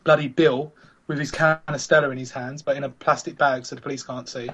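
A podcast host leads a casual chat, teasing his co-hosts and setting up scenarios in a chatty way. His medium-pitched, fairly bright voice stays fairly even in intonation and runs a little fast, with slight background noise.

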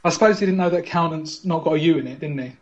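A man with a fairly high voice, playfully hosting a mock quiz on a podcast. He teases his co-hosts in a mock commentator's patter. The recording sounds dull and lo-fi. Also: very fast. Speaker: podcast host. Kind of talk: mock game-show hosting.

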